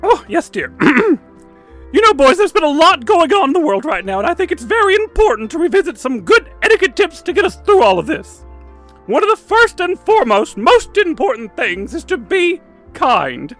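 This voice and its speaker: A man putting on a genteel old lady etiquette expert, her voice pitched very high and swooping up and down, sweet and fussy as she calls everyone dear. Faint music plays behind her in this comedy radio sketch. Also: sing-song, moderate pace, fairly bright tone, full character voice. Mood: prim advising. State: a little out of breath. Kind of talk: comic sketch on a radio show.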